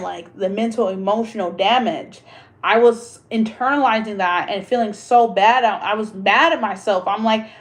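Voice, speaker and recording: A woman with a slightly high voice talks straight to her livestream viewers. She is blunt, emphatic and profane, ranting in a casual chat. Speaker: livestream host.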